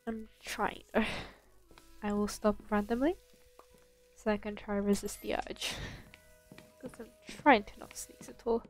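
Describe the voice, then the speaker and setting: A woman's voice: medium pitch, fairly even intonation, a little slow, pauses often, faint music behind. A young woman giving casual commentary while playing a bakery game, chatting to herself and to the customers in the game. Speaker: gaming channel host.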